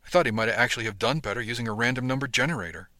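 A man giving scripted first-person narration of a novel in a steady storytelling manner. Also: medium pitch, rapid-fire, no echo, studio quality. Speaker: audiobook narrator.

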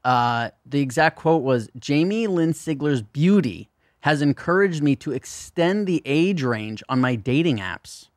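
A man's voice: fairly high pitch, expressive, a little slow, dry recording, clean studio sound. A man co-hosting a podcast, rambling through a story in a casual chat and swearing often. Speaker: podcast co-host.

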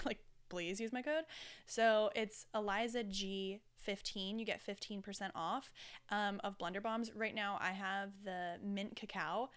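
A woman rambles casually through her solo podcast, candid and chatty with the odd swear word. Her voice is smooth and clear, sitting in a middle pitch. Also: fairly even intonation, moderate pace, a bit bright. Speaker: podcast host.

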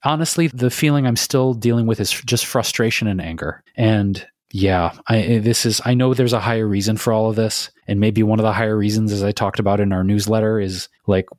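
Man, from Michigan, lowish voice, candid, emotional, casual podcast talk, dry close mic. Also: a little mellow, dry recording. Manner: candid, emotional storytelling with frequent swearing. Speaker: podcast co-host.

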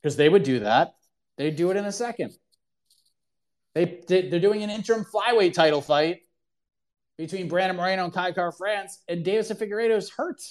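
A man with a somewhat high voice hosts a casual call-in show. He talks in emphatic, opinionated bursts and often restarts his sentences as he works through an answer. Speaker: host of a call-in MMA talk show. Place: online audio room.

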